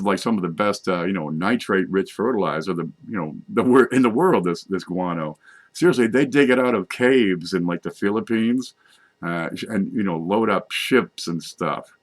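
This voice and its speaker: Man, middle-aged, slightly low voice, folksy, rambling, joking monologue. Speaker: vlogger.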